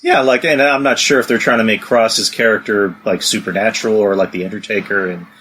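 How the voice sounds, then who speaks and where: A man with a fairly low voice co-hosts a casual podcast chat. He talks hesitantly, stopping and restarting his sentences, and a faint hiss runs under the recording. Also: steady tone, fairly quick, a bit bright. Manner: hesitant, full of restarts and fillers. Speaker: podcast co-host.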